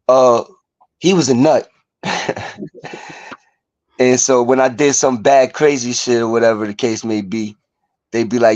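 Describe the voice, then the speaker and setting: A man sharing his story as a guest, halting and searching for words. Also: medium pitch, fairly even intonation, a little mellow, no room sound. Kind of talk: emotional personal sharing. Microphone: video call. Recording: dull, dry video-call audio.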